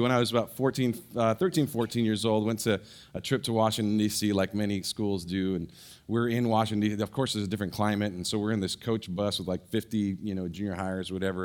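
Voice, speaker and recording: A middle-aged man pastor giving a sermon, telling a personal story in an animated way with many restarts and fillers. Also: fairly low pitch.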